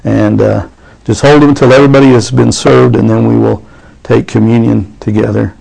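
A man preaching a sermon as pastor, fervent and rising into excited preaching. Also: lowish voice, moderate pace, creaky, husky, poor audio.

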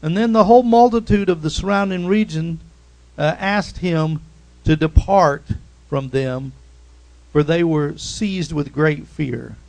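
Man, preacher, gravelly, fairly high voice, animated sermon, frequent amens. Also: unhurried, low-quality recording.

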